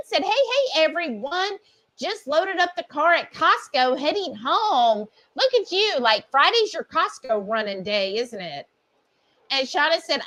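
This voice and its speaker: A woman co-hosting a home cooking livestream, gushing warmly as she reads out viewer comments. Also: high voice. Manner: bubbly, gushing over viewers. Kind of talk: casual chat, reading viewer comments. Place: home kitchen.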